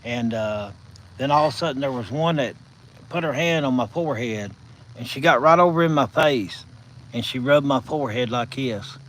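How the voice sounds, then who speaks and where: A man with a Southern US accent hosting a casual live stream from his phone, telling stories in a folksy, drawn-out way. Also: mid-range voice, a little hiss or hum, rough recording. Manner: folksy, drawn-out storytelling with chuckles.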